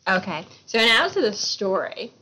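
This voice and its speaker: A woman's voice: mid-range voice, sing-song, measured pace, bright, forceful tone, husky, low-quality recording. A woman, co-hosting a casual book chat, retelling a story playfully and slipping into silly voices. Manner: playful, laughs often, slips into silly voices. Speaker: book podcast co-host.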